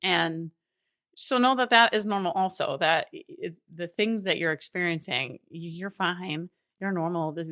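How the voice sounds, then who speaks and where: Lowish voice woman, 30s, encouraging coach podcast, laughs a lot, dry close mic. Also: a bit bright, no echo. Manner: earnest, encouraging, laughs often. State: briefly emotional. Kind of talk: solo podcast talk.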